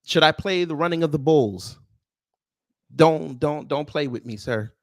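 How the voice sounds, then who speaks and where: A man's voice: fairly high pitch, unhurried, no room sound, clean studio sound. A man hosting a live-stream commentary show, answering his chat in a sarcastic, mocking and confrontational way. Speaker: host of a news commentary livestream.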